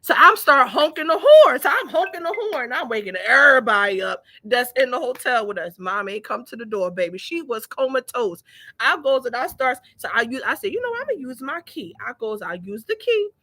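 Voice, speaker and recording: A lively woman telling a story straight to her viewers, her voice bright and high. She flips between chatty narration and loud, high-pitched yelling when she acts out the scene, and the sound is close and dry. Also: a little fast, dry recording. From Philadelphia. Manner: animated, breaks into laughter and high-pitched yelling while telling stories. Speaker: business owner vlogging. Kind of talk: casual storytelling vlog.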